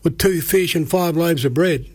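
Aussie guy preaching on the radio, earnest and plain, repeats stuff, kinda high voice, dry studio sound. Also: moderate pace, husky, dry recording. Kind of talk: radio gospel message.

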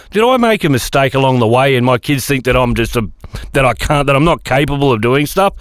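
Smooth-voiced Australian man rambling on air. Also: mid-range voice, animated, fast talker, no echo, clean studio sound. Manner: self-deprecating, chatty, full of restarts. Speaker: radio show host. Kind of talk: casual rambling monologue.

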